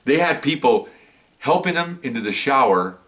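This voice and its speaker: A man's voice: mid-range voice, animated, normal speed, fairly bright tone, distant mic. A man, a former police officer, telling a story in a casual, rambling way, repeating words as he goes. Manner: rambling, stumbles and repeats words, acts out quotes.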